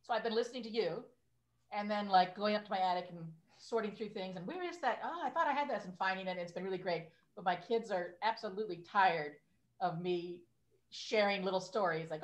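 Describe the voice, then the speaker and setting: A woman's voice: medium pitch, brisk. A woman in her fifties, a podcast guest, reminiscing in a chatty way and saying "like" a lot. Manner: chatty and nostalgic, lots of "like". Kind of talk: casual chat. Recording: echoey room.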